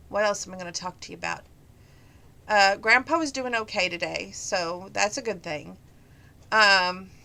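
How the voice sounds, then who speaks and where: A woman talks through her day in a relaxed, rambling vlog, leaving a story behind to chase a side thought. Her voice is bright and clear, with a touch of congestion from acting-up sinuses. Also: medium pitch. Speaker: vlogger. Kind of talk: casual daily vlog.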